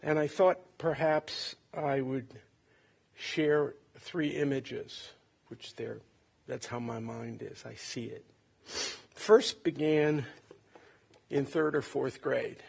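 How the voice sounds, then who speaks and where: A man in his late sixties from Ohio, a son giving a halting, tender eulogy at a funeral. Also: mid-range voice, vocal fry, a little mellow, slightly rough. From Cleveland, Ohio. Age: 60s. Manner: halting, reflective, tender storytelling.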